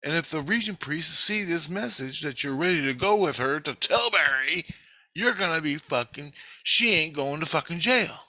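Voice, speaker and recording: A bossy grown daughter scolds and swears in a high, sharp voice, as a man puts her on while telling his story. Her tone is tense and bright, close and dry. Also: lively intonation, moderate pace, no room sound. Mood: scolding.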